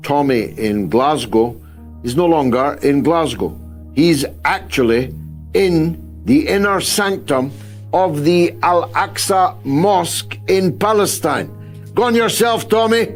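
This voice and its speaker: An older man hosting a live talk show, speaking emphatically and rhetorically with a slow, deliberate delivery. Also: fairly high pitch, animated, soft background music.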